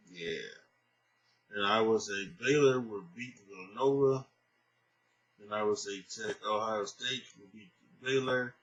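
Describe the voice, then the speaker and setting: A man's voice: lowish voice, sharp tone, poor audio. A tired man hosting a casual solo sports podcast, rambling through his picks with many fillers and restarts. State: tired, sleepy. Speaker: podcast host.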